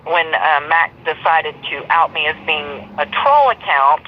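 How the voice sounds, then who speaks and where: Blunt, foul-mouthed woman guest, husky and rambling, on muffled low-fi audio. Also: animated, measured pace. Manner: blunt, profane, rambling storyteller. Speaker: interview guest. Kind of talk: live stream interview.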